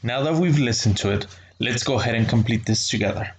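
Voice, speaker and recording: A man's voice: medium pitch, vocal fry, roomy sound, a little hiss or hum. A man teaching a lesson, explaining patiently and checking in with the class as he goes. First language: Spanish. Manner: explains slowly, checks in with "okay?" and "right?". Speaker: English teacher.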